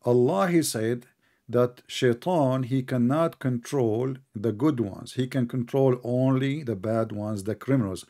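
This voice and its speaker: A man's voice: medium pitch, a little slow, mellow. Mocking man with a non-native English accent. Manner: mocking, sarcastic, laughs at caller. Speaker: debate show host. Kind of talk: heated religious debate call.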